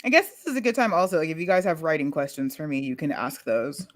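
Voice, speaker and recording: A woman co-hosting a casual livestream, teasing her co-host with dry, deadpan remarks. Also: deep voice, fast talker. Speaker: podcast co-host.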